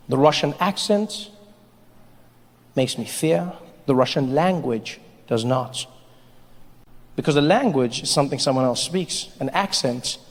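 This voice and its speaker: A man doing stand-up comedy in a large theater, animated and acting out voices. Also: mid-range voice. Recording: echoey hall, faint crowd.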